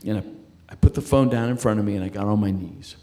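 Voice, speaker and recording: A man's voice: on the low side, mellow. A middle-aged man sharing a personal faith testimony in conversation. He stumbles and repeats words as he talks. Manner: halting, repeats words and restarts while telling his story.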